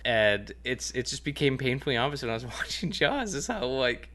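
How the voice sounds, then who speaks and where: A man's voice: medium pitch, very animated, moderate pace, sharp tone. Give me a man chatting casually as a podcast co-host, rambling along with filler words. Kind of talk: casual chat.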